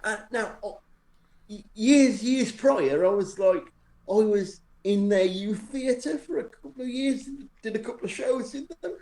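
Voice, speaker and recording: On a live stream, a man with a high, slightly mellow voice tells friends a long, rambling anecdote at a measured pace, poking fun at himself and often restarting sentences. The room is echoey, with faint background noise.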